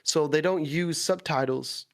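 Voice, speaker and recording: A man from the Netherlands, a guest YouTuber talking in a relaxed podcast chat, explaining at length and laughing easily. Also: on the high side, unhurried, creaky.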